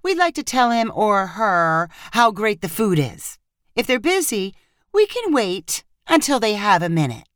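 A woman's voice: mid-range voice, very animated, measured pace, a bit bright, no echo, clean studio sound. A woman voicing an indignant young woman who feels betrayed by her friends, in a pointed, wry tone. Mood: smug.

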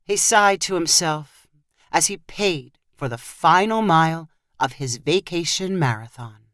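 A woman's voice: sits low, unhurried, fairly bright tone, no echo, studio quality. Woman narrating a short story. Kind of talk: scripted narration.

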